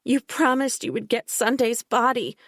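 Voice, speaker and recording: A woman's voice: a little high, steady tone, moderate pace, dry recording, studio quality, pitched above the performer's own voice, lightly acted. A woman reading an audiobook, voicing a distraught young pregnant woman who pleads desperately. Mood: frantic pleading.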